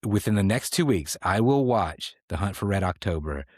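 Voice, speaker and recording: A man's voice: on the low side, animated, moderate pace, no room sound, studio quality. A man co-hosting a comedy podcast, rambling in a playful, mock-serious way. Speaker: podcast co-host. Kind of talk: casual comedic podcast chat.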